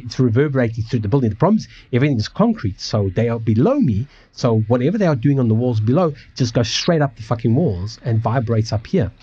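A man's voice: medium pitch, warm tone, slightly rough, dull audio. A man hosting a casual livestream from his apartment, rambling and swearing with many restarts. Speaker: livestream host. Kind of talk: casual ranting chat. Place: home apartment.

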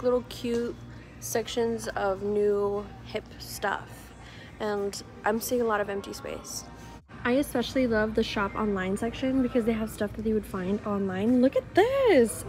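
A playful, giggly woman in her twenties vlogs a day out on a handheld camera. Her voice sits a little high and she takes her time with the words. Soft music plays faintly under her. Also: measured pace. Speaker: vlogger. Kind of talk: casual vlog chat. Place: shops and a restaurant, indoors.

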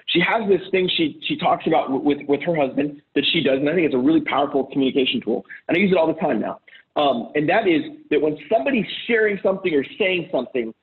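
A middle-aged man talks bluntly and swears freely as he coaches other men on arguments at home, slipping into heated quoted voices. His voice sits a little high for a man. The sound is thin and tinny, like it comes over a phone line. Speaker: relationship coach. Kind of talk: casual advice talk.

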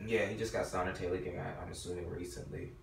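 A man's voice: deep voice, animated, fairly quick, creaky, a bit bright, slight background noise. Slangy man on a roomy, distant mic. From Brooklyn. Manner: loose, slangy, heavy on "like". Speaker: podcast co-host. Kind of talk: casual chat.

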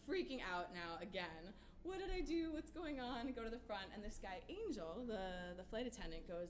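A woman singer-songwriter at a small hotel-room showcase, telling an animated, dramatic story to the audience between songs and laughing at herself. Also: medium pitch, unhurried. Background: guitar playing.

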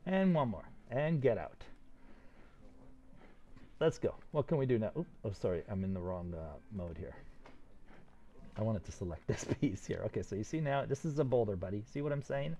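An older man teaching a 3D modeling tutorial live, talking fast and excitedly while he demonstrates and encourages his students. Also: fairly low pitch. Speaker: 3D modeling instructor.

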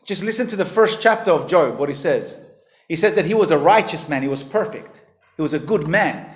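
A man preaching a sermon as pastor, emphatic, his voice rising and falling in pitch and volume. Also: expressive, brisk. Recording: echoey hall.

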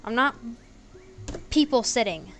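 Higher-voiced young woman, let's play commentary, sarcastic banter, soft game music underneath. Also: expressive, unhurried. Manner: playful and sarcastic, argues with game characters; laughs easily. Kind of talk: casual gameplay commentary.

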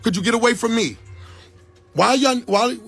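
Standing in the doorway of his home, a man confronts someone over a phone livestream, agitatedly pleading and demanding again and again. He speaks at a moderate pace in an extremely high, gravelly voice that is fairly bright and slightly rough, with faint music in the background.

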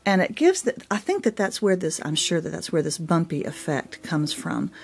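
A woman with a Southern accent chats at home in a homey, rambling way. Her voice sits on the low side, and she often restarts her sentences mid-thought. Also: big pitch swings, normal speed, gravelly. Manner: chatty, self-correcting, homey. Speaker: craft vlogger. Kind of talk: casual show-and-tell chat. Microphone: camera mic.

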